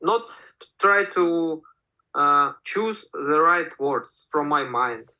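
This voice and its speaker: Hesitant, bright-voiced Russian-accented man. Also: on the high side, animated, slow, rough recording. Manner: hesitant, searching for words with many fillers. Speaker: English learner.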